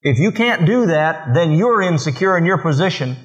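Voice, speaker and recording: Middle-aged male pastor, folksy storyteller, slightly high voice, muffled lo-fi sermon tape. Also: expressive, normal speed. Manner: folksy storytelling, acts out dialogue with his children. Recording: muffled lo-fi recording.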